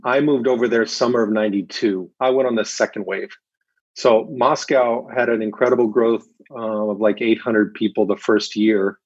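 Speaking with a breathy edge at medium pitch, this missionary guest relates his experiences with animation, voicing the dialogue himself and breaking into laughter. There's no room sound, just a dull, lo-fi dry recording.

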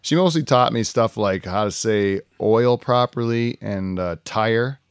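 A man's voice: lowish voice, unhurried, clear, resonant tone, dry recording. A man hosting a podcast, telling a road trip story in a loose, laughing, swearing way. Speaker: podcast host. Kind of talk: casual storytelling chat.

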